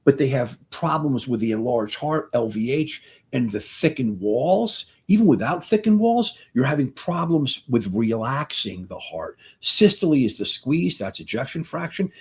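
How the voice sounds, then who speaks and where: A man's voice: mid-range voice, lively intonation, normal speed, hardly any pauses, a little mellow, breathy edge. A man in his sixties, a doctor hosting a live question-and-answer talk, speaking in an impassioned, rambling way and often restarting his sentences. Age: 60s.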